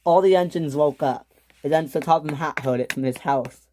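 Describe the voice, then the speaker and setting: A storyteller narrating a home-made toy train adventure, with halting restarts and filler words. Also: mid-range voice, a little mellow, a little hiss or hum.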